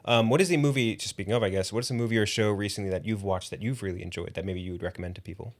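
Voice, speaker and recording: A man hosting a film podcast, asking questions in a quick, conversational way. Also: lowish voice. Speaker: podcast host. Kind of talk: casual chat.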